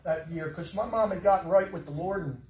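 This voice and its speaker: A man preaching a sermon, telling a personal story with emotion, his voice dropping soft and rising again. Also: high voice, brisk, echoey room, recorded from a distance, rough recording. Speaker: pastor. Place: church sanctuary.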